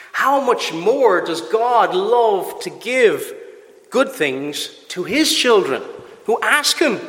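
A man's voice: high-pitched, bright, forceful tone. A man preaching a sermon, emphatic and asking the congregation rhetorical questions. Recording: echoey church hall with long reverb.

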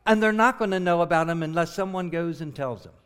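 Middle-aged male missionary preacher from southern New Jersey, slightly high, earnest and emphatic delivery. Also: fast talker, a bit bright, smooth. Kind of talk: sermon.

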